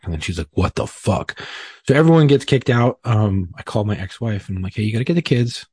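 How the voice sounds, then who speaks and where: A man's voice: lowish voice, expressive, fast talker, darkish tone, slightly rough, no room sound. A man telling a personal story in a casual, rambling, profane way, often poking fun at himself. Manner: profane, rambling, self-deprecating. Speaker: podcast guest.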